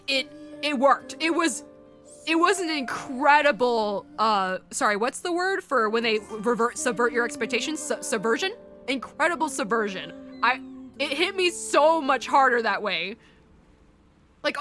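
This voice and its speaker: A woman's voice: a little high, animated, normal speed, pushed and bright, faint music behind. A woman streamer crying and stuffed up, exclaiming and laughing through tears as she reacts live to a game ending.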